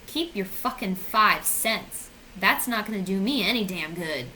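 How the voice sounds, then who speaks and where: A woman's voice: medium pitch, animated, measured pace, bright, forceful tone, slight background noise, poor audio. A woman in her twenties ranting sarcastically on her vlog, swearing and mocking herself. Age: 20s. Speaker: vlogger. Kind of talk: casual comedic rant.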